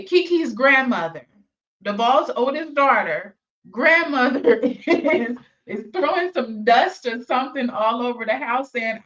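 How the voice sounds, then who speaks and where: A woman hosting a reaction video. She comments in an expressive, gossipy way and talks straight to her viewers. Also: fairly high pitch, highs cut off. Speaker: reaction channel host.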